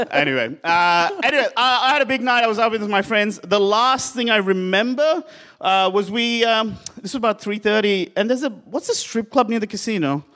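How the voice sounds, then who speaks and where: A man's voice: sits high, animated, normal speed, pushed and bright. A man from Sri Lanka telling a rambling, self-mocking story to a laughing live crowd in a bar. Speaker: comedian.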